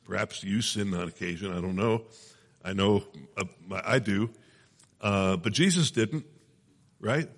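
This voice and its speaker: A man's voice: on the low side, unhurried, long pauses, in a large hall. A man preaching a sermon in a conversational teaching manner, often checking in with his listeners. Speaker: pastor.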